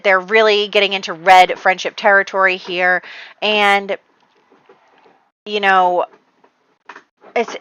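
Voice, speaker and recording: A woman's voice: mid-range voice, bright, forceful tone, smooth, no room sound, poor audio. A woman casually recapping her Sims story, chatty and full of "like", quoting her characters as she goes. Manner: chatty, quotes characters in quick voices, lots of "like". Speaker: Sims gameplay narrator.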